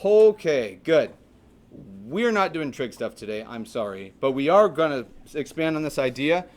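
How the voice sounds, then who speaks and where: A man's voice: a little high, sing-song, moderate pace. Joking, chatty man teaching math. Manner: jokey, chatty, asks the class questions. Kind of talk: classroom lecture.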